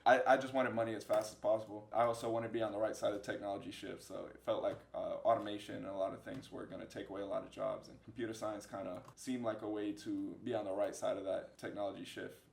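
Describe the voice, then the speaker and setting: A man's voice: on the low side, level tone, fast talker, gravelly, few pauses, roomy sound. A man in his twenties answering fan questions in a casual vlog, rambling through funny stories and laughing at himself. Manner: joking, rambling storyteller who laughs at himself. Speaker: social media creator answering fan questions. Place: indoor room with a fill light.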